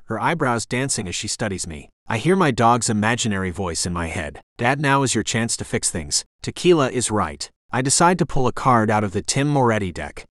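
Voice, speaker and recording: A young man narrating an audiobook in the first person, with an expressive, conversational storytelling manner. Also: on the low side, no room sound, clean studio sound.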